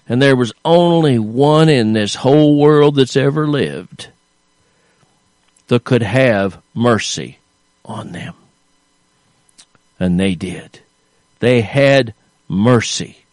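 A man's voice: medium pitch, lively intonation, takes it slowly, pauses often, darkish tone, no echo. An older man preaching a sermon, earnest and emphatic, often restarting his phrases as he stresses a point.

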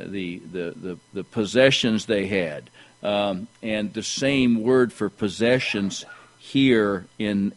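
A man preaching a sermon, reading scripture aloud and often repeating words as he restarts his thoughts. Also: low-quality recording. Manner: pitch jumps higher when pressing a point.

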